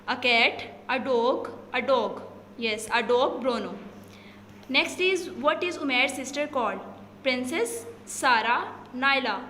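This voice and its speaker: A woman with a Pakistani English accent teaching an English lesson, reading example sentences slowly and explaining in Hindi-Urdu. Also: high voice, pushed and bright. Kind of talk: recorded classroom lesson explaining exercises. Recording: echoey room, faint noise.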